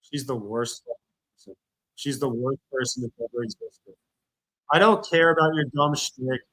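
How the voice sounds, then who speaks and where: A man's voice: mid-range voice, moderate pace, fairly bright tone, poor audio. A man on a livestream, ranting angrily and bitterly, repeating himself as he talks. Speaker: streamer. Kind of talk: angry livestream rant.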